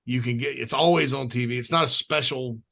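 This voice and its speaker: Bright-voiced Southern podcast host. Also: male voice, mid-range voice, a little fast, creaky. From the American South. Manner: rambling, with many restarts and fillers. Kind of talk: casual podcast chat.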